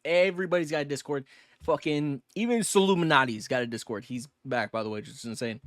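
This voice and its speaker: A young man co-hosting a podcast, talking fast and loose with lots of slang, cursing and filler words. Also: fairly high pitch, no echo, clean studio sound. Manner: fast, rambling, slangy and profane, with many fillers. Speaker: podcast co-host. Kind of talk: casual podcast chat.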